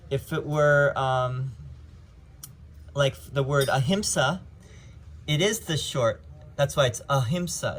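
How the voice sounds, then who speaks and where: A yoga teacher with a fairly high-pitched voice patiently explains pronunciation. He corrects himself as he goes and says each sound aloud.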